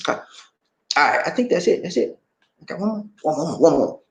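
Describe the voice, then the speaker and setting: A man living abroad talking casually to his viewers, animated, acting out shop conversations and repeating phrases for emphasis. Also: a little high, brisk, reverberant. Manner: animated, acts out shop dialogues. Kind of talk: casual live-stream talk to viewers. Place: indoors, in the Philippines.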